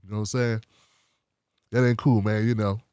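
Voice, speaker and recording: A man's voice: fairly low pitch, fairly even intonation, normal speed, mellow, clean tone, dry recording, studio quality, voice pushed down, natural voice. A man voicing a laid-back, teasing male texter who talks in drawling street slang.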